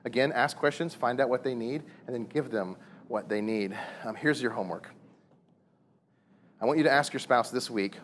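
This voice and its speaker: A man in his thirties preaching a sermon on marriage, animated and full of rhetorical questions and repeated words. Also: medium pitch, moderate pace, long pauses, a little hiss or hum. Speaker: pastor.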